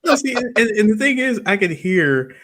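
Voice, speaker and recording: A man co-hosting a podcast in casual chat, excitable and profane as he riffs with his friends. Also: high-pitched, moderate pace, background noise. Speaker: podcast co-host.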